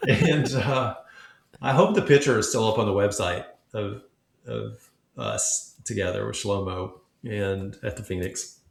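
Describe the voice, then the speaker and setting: A man from Memphis, a podcast guest, telling a long story in a relaxed way and acting out quoted dialogue as he goes. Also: lowish voice, measured pace, gravelly. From Memphis, United States. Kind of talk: casual storytelling. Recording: echoey room.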